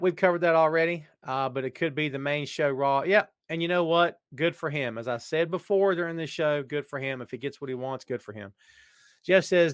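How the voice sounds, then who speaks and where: A man hosting a podcast and answering listener questions in casual, rambling chat that jumps to loud excitement. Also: on the high side, smooth, no echo, clean studio sound. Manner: animated, jumps to shouting when excited; rambling, frequent restarts.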